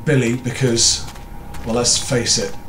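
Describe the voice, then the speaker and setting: A man's voice: medium pitch, little pitch movement, measured pace, a bit bright, roomy sound, a little hiss or hum. Jumpy British man swearing through a horror game. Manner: jittery, swears a lot, nervous jokes and sudden screams. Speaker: gaming YouTuber. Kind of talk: horror game let's play commentary.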